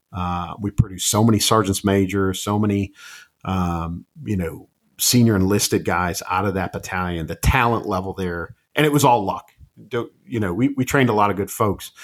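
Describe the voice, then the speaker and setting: A man in his fifties with a somewhat low voice speaks as an interview guest. He recounts his past in an unhurried, reflective way and often pauses on an um or uh while he gathers his thoughts. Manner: measured, reflective, frequent ums and uhs. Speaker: podcast guest, retired army officer and author. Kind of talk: conversational storytelling interview.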